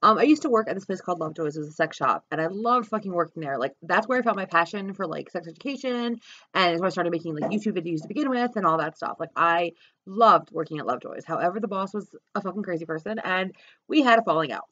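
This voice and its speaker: A woman's voice: lowish voice, lively intonation, fast talker, fairly bright tone, dull audio. A woman from South Jersey ranting profanely and bluntly in a vlog, talking from her car. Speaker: vlogger. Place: car with dogs.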